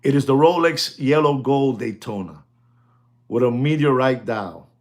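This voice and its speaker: A man hosting a casual watch sales talk, rambling and repetitive, often addressing "ladies and gentlemen" and laughing as he goes. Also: mid-range voice, unhurried.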